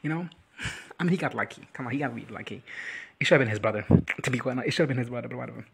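A young man giving a crude, sassy comedic recap of a TV episode, acting out the characters in quick impressions. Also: medium pitch, gravelly, fairly bright tone, husky. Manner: crude, sassy running commentary with voiced impressions. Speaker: reaction video commentator.

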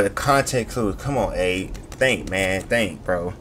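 A man's voice: low-pitched, measured pace, few pauses, a little hiss or hum. A man giving let's-play commentary on a game, talking to himself, swearing and breaking into laughter. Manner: excitable, talks to himself, swears, bursts into laughter. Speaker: gaming streamer. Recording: game music behind voice.

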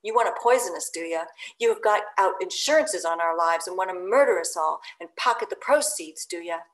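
A woman's voice: high-pitched, sing-song, slow pace, fairly bright tone, echoey room, voice pushed up, exaggerated voice. A woman putting on a blustering sailor mate. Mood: mocking. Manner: indignant, sarcastic rising questions. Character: blustering, mocking male second mate at sea.

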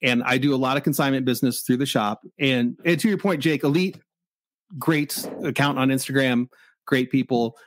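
A comic shop owner from Michigan, in his forties, telling a story in a casual, animated way and acting out both sides of the exchange. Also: medium pitch, dry recording.

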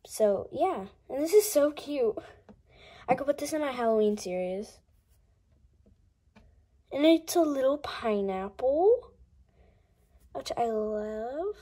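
A young woman chatting casually while unboxing toys, gushing and gasping often, sometimes dropping to a breathy coo. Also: on the high side, slow pace, pauses often, mellow.

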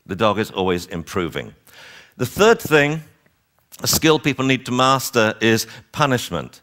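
Animated man giving a seminar lecture. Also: medium pitch, a little slow. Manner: animated, acts out owners and dogs, wry exasperation. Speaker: dog training seminar lecturer.

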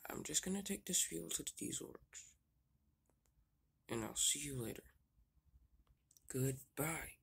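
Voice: mid-range voice, animated, measured pace, vocal fry, pauses often, a bit bright, breathy edge, exaggerated voice. A young fan narrator voicing a grumpy, bullying male diesel engine who brushes others off, in a homemade video voice-over. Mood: dismissive. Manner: curt, dismissive.

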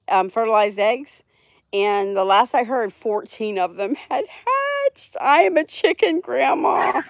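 Lively, laughing woman chatting with viewers. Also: medium pitch, no room sound. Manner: chatty and laughing, reads out chat. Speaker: livestream host. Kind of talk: casual chat with live viewers. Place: home in Florida.

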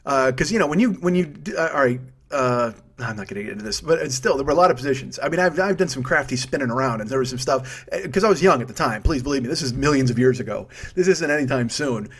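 A man's voice: medium pitch, lively intonation, fast talker, breathy edge. A man in his fifties hosting a solo comedy podcast, profane and self-mocking, wandering off on tangents. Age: 50s. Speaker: podcast host.

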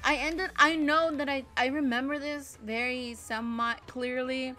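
A woman's voice: high-pitched, fairly even intonation, measured pace, bright, forceful tone, faint music behind. A young woman telling a casual story from her childhood, rambling with lots of fillers and frequent swearing. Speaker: storytime vlogger.

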